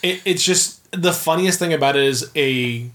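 A man co-hosting a casual podcast chat, enthusiastic and profane, quick to jump in with reactions. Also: a little high, fairly bright tone. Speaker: podcast co-host.

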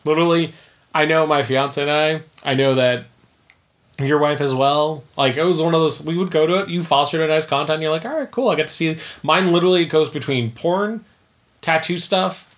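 A man co-hosting a casual podcast chat, enthusiastic and profane, quick to jump in with reactions. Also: on the high side, fairly even intonation, fairly bright tone. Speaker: podcast co-host.

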